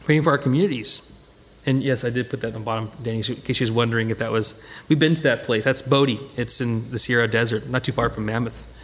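A man leading an informal Bible study, talking conversationally with lively acted-out asides and frequent restarts. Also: mid-range voice, quick pace. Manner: conversational, animated, acts out quoted voices, many restarts.

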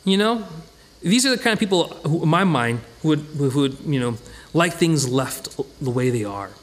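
A man leading an informal Bible study, talking conversationally with lively acted-out asides and frequent restarts. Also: fairly high pitch, normal speed. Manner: conversational, animated, acts out quoted voices, many restarts.

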